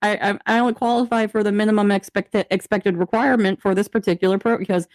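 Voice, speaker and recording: A woman's voice: mid-range voice, steady tone, fast talker, no echo. A woman in her twenties from Canada co-hosts a casual podcast, her voice in a middle range. She laughs often and acts out quoted back-and-forths in her stories. The recording is dry and close. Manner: giggly storyteller, acts out quoted exchanges. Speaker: podcast co-host.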